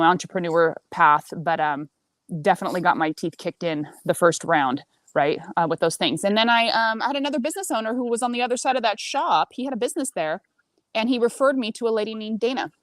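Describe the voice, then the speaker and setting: A woman in her forties telling a story as a podcast guest, blunt and animated, swearing freely. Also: lowish voice, fairly quick, dry recording. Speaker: senior marketing director. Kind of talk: casual storytelling chat.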